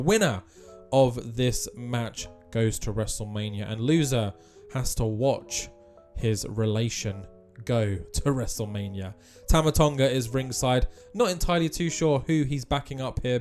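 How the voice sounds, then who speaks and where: A man's voice: medium pitch, darkish tone. A man giving casual, offhand commentary on a wrestling game.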